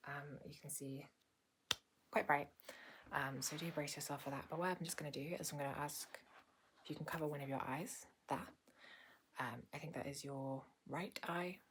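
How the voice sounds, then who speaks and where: A woman in a whispered role-play as a doctor giving a gentle checkup, speaking softly and unhurriedly with hesitant pauses. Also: low-pitched, fairly even intonation, a little hiss or hum. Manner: soft-spoken and unhurried, with frequent hesitant "um"s. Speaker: ASMR creator playing a doctor. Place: small indoor home filming room.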